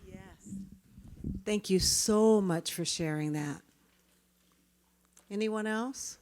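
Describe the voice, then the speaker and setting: A woman presenting a workshop, talking to her audience in a lively way and asking them questions. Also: mid-range voice, very slow. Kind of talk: interactive talk. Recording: hall reverb.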